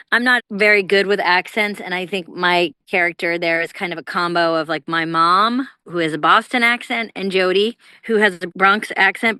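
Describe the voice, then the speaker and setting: A woman in her fifties chats as a podcast guest, wry and quick to laugh. Her voice sits mid-range and sounds close and dry. She is calling in from an airport. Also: mid-range voice, bright, forceful tone, clear, resonant tone, dry recording. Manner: chatty, wry, laughing easily. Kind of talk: casual podcast chat.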